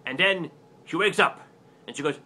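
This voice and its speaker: A man doing a cheerfully clueless book-show host with a bright, crisp, somewhat high voice. He rambles eagerly, loses his thread and fumbles names in this comic web sketch. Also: moderate pace. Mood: earnest muddle. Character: clueless, muddled male book-review host.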